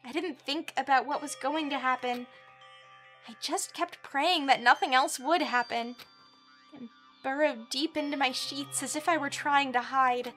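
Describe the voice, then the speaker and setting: A woman's voice: high voice, a little slow, a bit bright, soft background music. A woman reading the inner monologue of a gloomy, weary young male protagonist in a subdued, reflective tone. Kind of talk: reading game narration aloud on stream.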